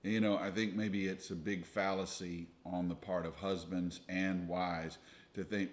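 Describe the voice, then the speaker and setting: A young man co-hosting a ministry video with his wife, giving steady, earnest advice in a casual, preacher-like way. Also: low voice, a little slow. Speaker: ministry leader, co-host with wife.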